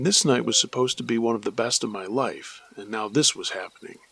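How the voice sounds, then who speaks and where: A man narrating a true scary story in the first person, his reading measured and steady. His voice is gravelly with a worn, husky edge at a middling pitch. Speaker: storyteller and host.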